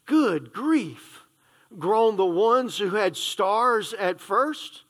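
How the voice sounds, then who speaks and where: Male pastor reading a children's book aloud, slow and playful, with asides. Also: high voice, sing-song, fairly bright tone. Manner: reads slowly and playfully, stumbling and correcting himself, adding asides.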